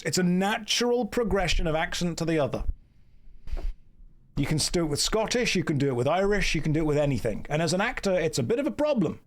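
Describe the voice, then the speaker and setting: An Englishman in his thirties streams a game live, chatting and joking with viewers, riffing and slipping into mock accents. His voice sits a little high, with a sing-song lilt and a quick pace, over soft background music.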